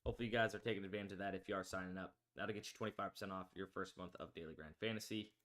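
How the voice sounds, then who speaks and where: A man hosts a sports betting livestream in a low, steady, slightly bright voice delivered rapid-fire. He rambles through the odds with lots of filler and keeps plugging promo codes.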